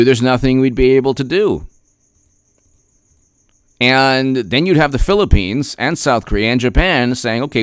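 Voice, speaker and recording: Sarcastic man ranting, smooth dry voice. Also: medium pitch, no room sound. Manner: sarcastic, heated, repeats himself; clears throat often. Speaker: political commentator. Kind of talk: opinion rant vlog.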